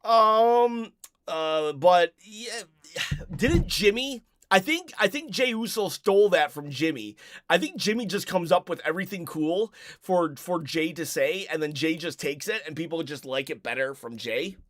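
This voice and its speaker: A man with a high voice hosts a casual live stream from home, rambling through viewer comments with many restarts. He sounds a little out of breath, and the sound is dry and close. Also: lively intonation, unhurried, fairly bright tone, no echo. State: a bit out of breath. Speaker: live-stream host reading chat.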